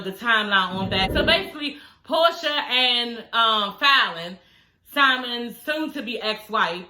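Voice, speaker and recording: A woman's voice: on the high side, sharp tone, echoey room. A woman vlogger recapping a reality show from home in casual, slangy chat, laughing often, her speech slightly slurred by new dental aligners.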